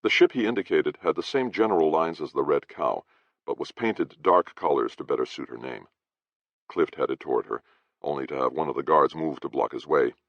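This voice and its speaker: Deep, gravelly male audiobook narrator. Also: no echo, highs cut off. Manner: measured storytelling. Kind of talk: scripted first-person audiobook narration.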